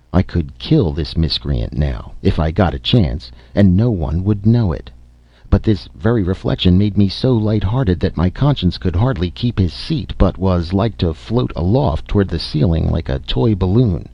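A man's voice: low voice, dry recording, dull audio. A man narrating a classic story in a dramatic, theatrical audiobook reading.

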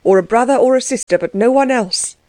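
A woman's voice: a little high, brisk, darkish tone, dry recording, lightly acted. Woman reader plays a fretful old manservant in an audiobook, tearful, wordy, pleading, dry close sound. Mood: distraught.

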